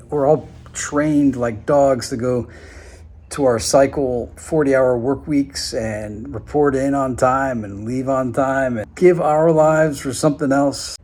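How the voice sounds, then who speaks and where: A man at an ordinary middle pitch talks his thoughts through in a loose, musing monologue. He slows right down when he wants a point to land, then picks up speed again. He acts out the lines other people said to him. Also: fairly even intonation, a little mellow. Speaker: vlogger. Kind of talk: casual monologue.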